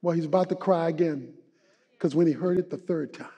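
A male pastor preaching a sermon, moving from hushed, slow Bible teaching to shouted, rising exhortation. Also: fairly high pitch, lo-fi sound. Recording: long hall reverb.

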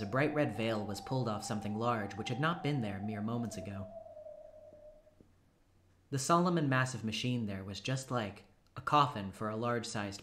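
Steady live-stream story reader. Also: medium pitch, a little hiss or hum. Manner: steady, unhurried narration with small slips and restarts. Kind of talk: reading a visual novel aloud on a live stream.

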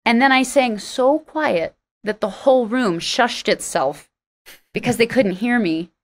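A woman's voice: a little high, measured pace. A singer-songwriter woman, a guest in an interview, telling stories animatedly and laughing often. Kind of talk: storytelling interview talk.

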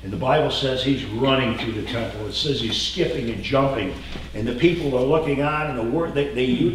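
Preacher guy going loud then soft, big echoey room, mic kinda far off. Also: mid-range voice, brisk, a little hiss or hum. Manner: preaching with big swings from shouting to quiet. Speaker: pastor. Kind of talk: sermon.

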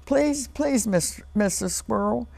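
A woman's voice: on the high side, expressive, slow, gravelly, mellow, pitched above the performer's own voice, heavily acted. A woman reading the part of a tiny polite man who wants to get home, in a children's storybook reading. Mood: polite, pleading. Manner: pleading, polite.

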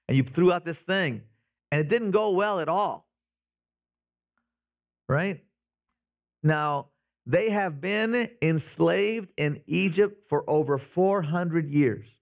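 A man pastor preaching a sermon in a church, telling Bible stories with animated voices for the characters. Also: a little high. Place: church sanctuary.

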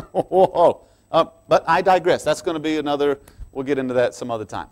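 A middle-aged man preaching a conversational midweek sermon, with folksy asides to the congregation, dropping to quiet asides and rising to loud emphatic stresses. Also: a little high, brisk. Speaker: pastor.

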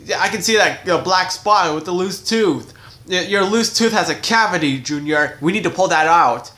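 A man's voice: high voice, normal speed, sharp tone, reverberant. A man voicing a well-meaning, bumbling chef in a puppet show who rambles and trips over his words. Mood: goofy.

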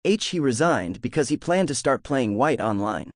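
A man's voice: mid-range voice, sing-song, moderate pace, no room sound, studio quality, natural voice. A man voicing a timid middle-aged teacher woman. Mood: nervous. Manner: hesitant, nervous.

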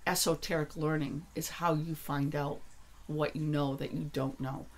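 Blunt, emphatic woman with a lowish voice. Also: fairly even intonation, moderate pace. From New Hampshire. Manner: blunt, emphatic, swears freely; grows heated and insistent. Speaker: author and energy worker guest. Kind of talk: casual conversation.

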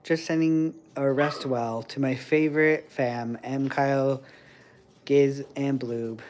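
Man host, doting soft-spoken pet talk, low hiss behind. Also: steady tone, slow. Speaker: livestream host with pet birds. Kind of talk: casual chat with pets and viewers.

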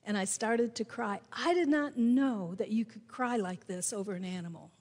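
A woman pastor with a Midwestern American accent, preaching a sermon and telling a personal story with deliberate, emphatic delivery. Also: a little high, darkish tone. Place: church sanctuary. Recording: long hall reverb in a church.

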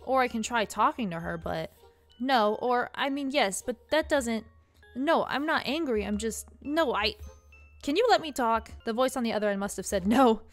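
A woman's voice: on the high side, lively intonation, moderate pace, close to an everyday voice. A woman reading a tired young guy stumbling through a tense call, faint music under it. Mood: strained. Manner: hesitant, stumbling. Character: weary young man, polite but strained.

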